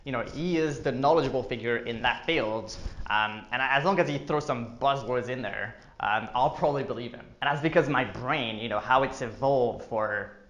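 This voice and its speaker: Casual male marketing vlogger, jokey asides, mid-pitched, echoey room. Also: moderate pace, few pauses, fairly bright tone, highs cut off. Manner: joking asides, filler-heavy. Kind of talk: casual explainer to camera.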